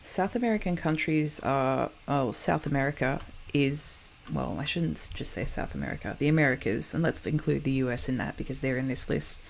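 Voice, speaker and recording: A woman's voice: rumbling low, fairly quick, creaky, slight background noise. A woman hosting a geography show, chatting casually over map footage and often correcting herself.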